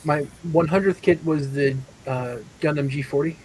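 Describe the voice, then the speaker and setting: A man co-hosting a casual chat, relaxed and agreeable, often hesitating before he speaks. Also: fairly high pitch, normal speed, slight background noise, low-quality recording.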